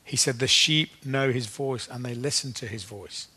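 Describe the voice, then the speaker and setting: A man preaching a sermon at an everyday, middle pitch. He talks in a loose, conversational way, with ums and restarts, and slows down to read scripture. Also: pushed and bright, husky. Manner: conversational, with fillers and restarts, slowing for scripture readings.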